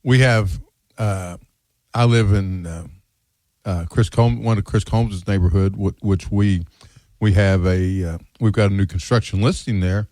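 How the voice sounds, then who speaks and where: A man's voice: low voice, fairly even intonation, unhurried, a little mellow, no echo. Male radio host, folksy anecdote teller, dry close sound. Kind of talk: casual radio chat. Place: radio studio. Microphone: studio mic.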